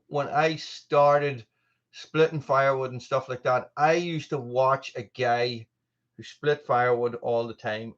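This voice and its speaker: A man's voice: medium pitch, a bit bright, lo-fi sound. An Irish man hosting a live stream, chatting casually while reading viewer comments, often restarting his sentences. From Ireland. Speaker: channel host.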